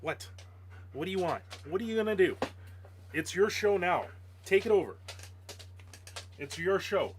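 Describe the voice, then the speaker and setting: A man's voice: high voice, animated, measured pace, pauses often. A man casually chatting on a live stream, greeting viewers and playing with his dog, laughing often. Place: home.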